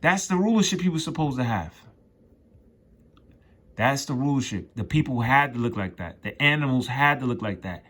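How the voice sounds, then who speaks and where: A man teaching scripture in an informal, emphatic way, reading verses aloud and riffing on them in rough, profane slang. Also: medium pitch, expressive, normal speed, fairly bright tone. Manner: reads scripture aloud then riffs on it. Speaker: street preacher.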